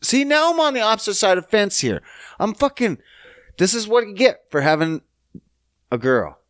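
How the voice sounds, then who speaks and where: A man in his thirties hosting a podcast, ranting casually and cursing as he swings between loud outbursts and low mutters. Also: big pitch swings, moderate pace, no echo, studio quality. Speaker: podcast host.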